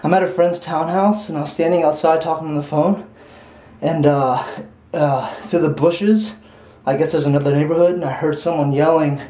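A man vlogging casually into a handheld camera, excitable and rambling, quick to laugh. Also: fairly high pitch. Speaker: YouTube prank vlogger.

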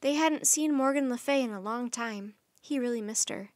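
A woman reading a children's chapter book aloud for storytime, her voice high and light. She tells the story in a gentle, friendly, unhurried way. The recording is dry and close, with no room echo.

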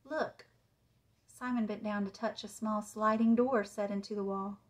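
A woman author reading a children's chapter book aloud with a measured, suspenseful delivery. Her voice sits in a middle range. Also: mid-range voice, fairly even intonation, low-quality recording. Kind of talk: storybook read-aloud.

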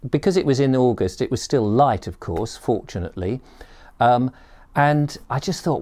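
A man's voice: mid-range voice, animated, normal speed, warm tone. A man telling a personal story to camera in a chatty, rambling way, with many ums and restarts. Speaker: storyteller and performer.

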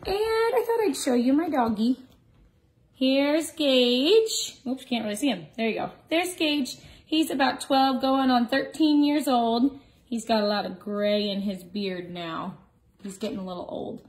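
A woman in her thirties, a preschool teacher reading a picture book aloud to young children in a warm storytime voice. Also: high-pitched, unhurried, poor audio. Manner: warm sing-song storytime voice, barking the dog parts.

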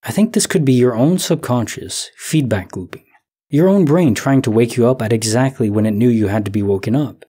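A man in his thirties, a sleep story narrator, musing slowly and softly as he comments on listener stories. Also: mid-range voice, animated, husky. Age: 30s. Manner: slow, soft, reflective, thinking aloud.

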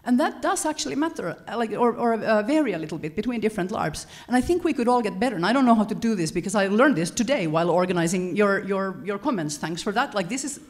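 A woman giving a lecture-style talk to an audience, animated and often correcting herself mid-sentence. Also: medium pitch, fast, few pauses. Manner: animated, self-correcting, chuckles between points. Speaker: conference speaker.

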